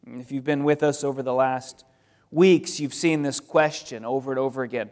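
A man's voice: medium pitch, normal speed. A man preaching an expository sermon to his congregation in a conversational way, repeating phrases for emphasis. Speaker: pastor. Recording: long reverb of a large hall.

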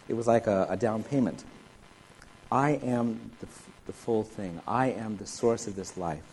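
A man preaches a sermon as Bible teaching, reading scripture aloud and then explaining it verse by verse. His mid-range voice is warm and slightly rough, and the recording quality is rough.

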